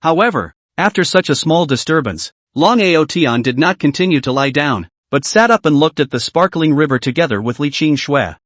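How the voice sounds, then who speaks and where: A man reading a comic story recap aloud, in a steady, scripted storytelling manner. His voice sits fairly high and moves in a lively, animated way. The sound is dry and close. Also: moderate pace, few pauses, dry recording. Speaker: story narrator.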